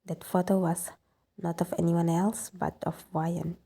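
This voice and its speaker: Fan fiction narrator, woman, husky, dark-toned, soft and even. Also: on the low side, a little slow. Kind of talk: scripted story narration.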